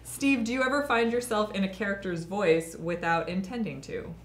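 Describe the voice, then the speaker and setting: A woman hosting a casual interview, upbeat and quick to laugh. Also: medium pitch, expressive. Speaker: interviewer host. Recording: echoey room with faint ambient noise.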